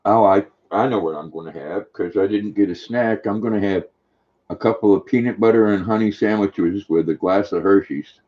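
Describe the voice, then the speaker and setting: A man's voice: on the low side, moderate pace, highs cut off. An older man hosting a casual live stream, chatting affectionately and talking sweetly to his dog.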